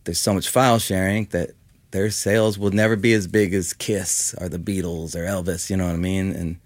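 A man's voice: deep voice, fairly even intonation, brisk, no room sound. A man in his fifties from Los Angeles, a musician talking casually in an interview, rambling with lots of "like" and "you know.". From Los Angeles, California. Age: 50s. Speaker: musician guest.

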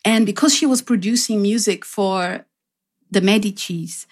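A woman's voice: mid-range voice, unhurried. A woman, a radio interview guest, telling stories. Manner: emotional, animated storytelling.

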